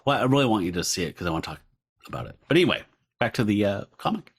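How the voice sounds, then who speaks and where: Brief: low-pitched man, podcast co-host, excitable chatter, curses freely. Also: very fast, vocal fry, breathy edge. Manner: excitable, animated, swears casually. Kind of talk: casual chat about comics.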